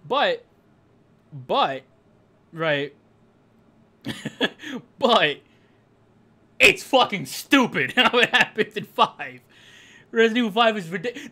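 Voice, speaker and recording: A man's voice: high-pitched, big pitch swings, slow pace, pauses often, sharp tone. A young man streaming a racing game, ranting in casual chat with lots of laughter and swearing.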